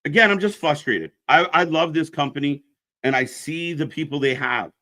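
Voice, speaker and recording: A man hosts a casual live wrestling stream in a bright, forceful voice that sits a little high. He rants bluntly and swears freely. Between rants he plugs the channel's upcoming shows. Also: moderate pace. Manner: pitches channel shows to viewers.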